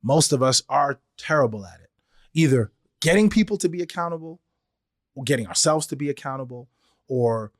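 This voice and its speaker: A man's voice: medium pitch, expressive, fairly quick, no room sound, studio quality. A man hosting a podcast, talking through his thoughts in a conversational way and acting out little exchanges as he tells them. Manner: conversational, acts out quoted exchanges in changing voices. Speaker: podcast host. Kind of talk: solo podcast monologue.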